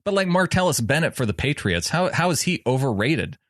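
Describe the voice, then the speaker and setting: A man's voice: on the high side, sing-song, brisk, fairly bright tone, no room sound, studio quality. A man co-hosting a sports podcast, chatting in an easygoing way and laughing often. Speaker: podcast co-host. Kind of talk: casual sports chat.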